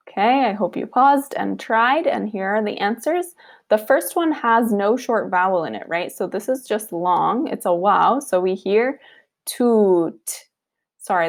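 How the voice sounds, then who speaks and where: Woman teacher, mid pitch, slow unhurried delivery, patient and repetitive. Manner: patient, repeats okay and words slowly. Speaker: Arabic teacher. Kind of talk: recorded online lesson.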